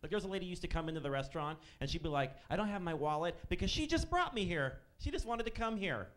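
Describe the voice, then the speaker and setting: A man's voice: high voice, big pitch swings, fast, fairly bright tone. A man in his thirties performing a stand-up set on a comedy club stage, telling profane, sardonic stories about waiting tables. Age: 30s.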